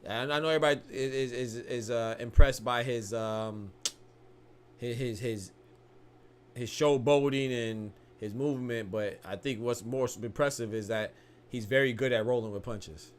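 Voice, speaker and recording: A young man's medium-pitched, smooth voice moves at a normal speed as he casually comments live on a boxing match. He's excitable and slangy, often laughing and restarting sentences.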